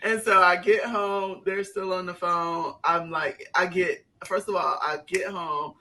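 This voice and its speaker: Bright-voiced woman telling a rambling story. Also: lowish voice, fairly even intonation, measured pace, a little hiss or hum. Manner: rambling storyteller, laughs often. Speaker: podcast co-host. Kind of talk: casual chat among friends.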